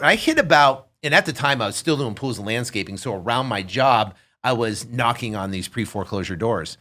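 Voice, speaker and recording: Man, fifties, podcast guest, animated storyteller, bright tense tone. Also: medium pitch. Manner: animated, acts out voices in his stories. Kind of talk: casual storytelling.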